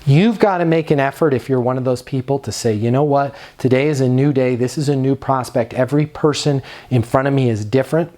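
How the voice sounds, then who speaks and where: A man's voice: mid-range voice, fairly quick, hardly any pauses, dark tone. Emphatic man giving leasing training. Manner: emphatic, direct, stretches key words. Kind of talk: motivational training talk.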